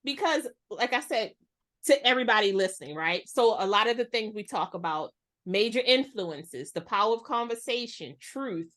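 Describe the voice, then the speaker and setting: Woman in her forties, lively storyteller, slightly high voice, casual podcast guest. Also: normal speed. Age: 40s. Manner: animated storyteller, acts out voices. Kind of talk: casual conversation.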